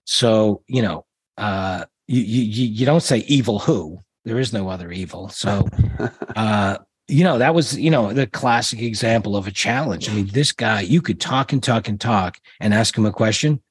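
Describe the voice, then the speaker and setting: A man's voice: fairly low pitch, normal speed, husky, no echo. A middle-aged man, a guest in an interview, telling rambling stories with many restarts and fillers. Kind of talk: casual interview storytelling.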